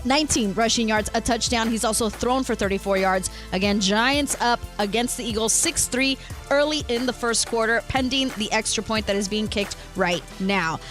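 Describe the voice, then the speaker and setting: A woman giving a brisk, upbeat sports news update on a radio show. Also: a little high, fairly bright tone.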